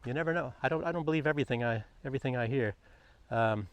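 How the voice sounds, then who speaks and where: A man vlogging outdoors on a quiet morning walk, chatting loosely about the news, meandering and often chuckling. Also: medium pitch, quick pace, no echo. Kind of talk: rambling commentary on the news.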